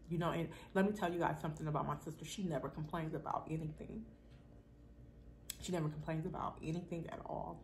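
A woman's voice: low-pitched, a little hiss or hum. A woman, chatting bluntly and straightforwardly to her viewers while eating, a mukbang vlogger. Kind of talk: casual chat while eating.

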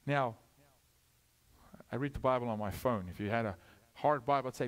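A middle-aged man preaching a sermon, moving from loud urgent calls to hushed asides, asking questions and acting out short exchanges. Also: medium pitch, normal speed, pauses often. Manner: asks questions, acts out dialogue. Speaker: guest preacher.

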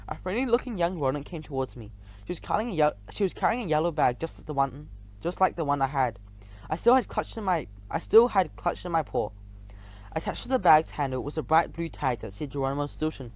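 A man's voice: a little high, lively intonation, quick pace, a little mellow. A man reading a first-person children's story aloud, now and then stumbling and restarting words. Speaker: audiobook reader.

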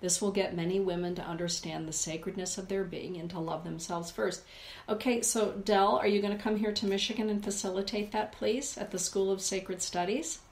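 A woman's voice: mid-range voice, fairly even intonation, a little fast, roomy sound. A woman hosting a live stream, reading oracle cards and reflecting aloud as she addresses her chat viewers by name. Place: indoor room with a forest view.

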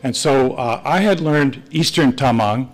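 A man's voice: medium pitch, unhurried, low-quality recording. An older man, a retired missionary priest, telling stories to a church class and acting out the dialogue. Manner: rambling anecdotal, acts out dialogue with quoted voices. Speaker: retired missionary priest teaching Sunday school. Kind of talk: storytelling talk to a church class.

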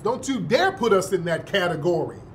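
Cursing and repeating himself for emphasis, a male host delivers indignant, heated commentary. He sits high in pitch with a sing-song delivery at normal speed, over slight background noise. He's American, born in the North and raised in the South.

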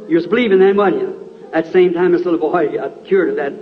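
A middle-aged preacher at a healing service, his voice set fairly high, firing short repeated questions at the crowd. He comes through a muffled, lo-fi 1960s tape. Organ music plays clearly behind him. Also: fast talker.

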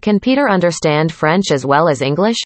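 Woman, scripted practice dialogue, careful clear delivery, slightly low pitch, dry recording. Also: expressive, normal speed, no room sound. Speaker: dialogue reader.

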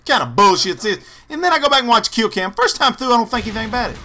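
Young male gaming host, angry sarcastic ranter, high-pitched, cutting tone. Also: sing-song, fast talker, pushed and bright. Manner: profane, ranting, sarcastic. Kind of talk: angry gameplay commentary.

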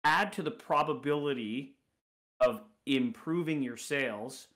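A man's voice: medium pitch, measured pace, fairly bright tone. Explaining man coaching on sales. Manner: explanatory, builds points in lists. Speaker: podcast co-host, sales coach. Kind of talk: casual sales podcast talk.

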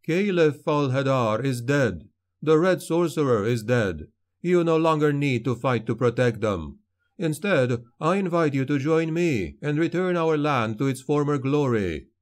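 A man doing a fierce, high-pitched rebel leader. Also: lively intonation, a little slow. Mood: impassioned. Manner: shouting, impassioned. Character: young male rebel leader, fierce and commanding.

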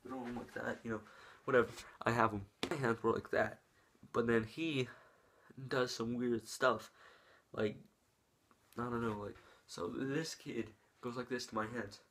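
A young man tells a story straight to camera in a loose, rambling way. He keeps circling back with "like" and restarts, and he acts out the moves with his hands as he goes. His voice sits at an ordinary middle pitch for a man. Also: fairly even intonation, normal speed, a bit bright, a little hiss or hum. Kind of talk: casual story time vlog.

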